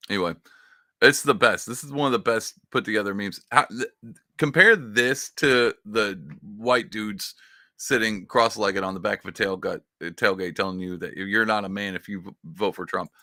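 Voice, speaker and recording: Gravelly guy ranting about memes, bright sharp tone, super dry close sound. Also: fairly low pitch, normal speed, no room sound. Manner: excitable, emphatic, restarts and fires up. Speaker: podcast host. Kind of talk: political commentary.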